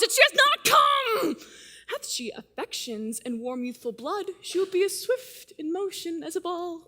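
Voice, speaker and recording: A woman's voice: very high voice, bright, forceful tone, exaggerated voice. A woman acting an impatient young girl in love in a live stage play, with urgent, pleading lines and sudden outbursts. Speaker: stage actor. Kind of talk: live stage drama performance.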